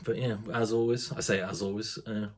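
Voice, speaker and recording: A man's voice: lowish voice, fairly even intonation, fairly quick, background noise. A man casually reviewing a craft beer, chatty and rambling, with casual swearing.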